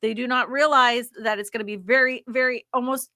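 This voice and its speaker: A woman's voice: fairly high pitch, steady tone, brisk, pushed and bright, dry recording, studio quality. A woman hosting a livestream, explaining things in a chatty way with many asides. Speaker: host. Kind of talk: casual livestream chat.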